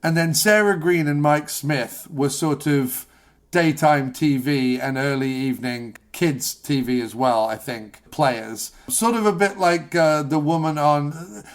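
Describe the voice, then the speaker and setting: A man's voice: a little high, measured pace. Rambling, jokey British man. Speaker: podcast host. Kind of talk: casual chat.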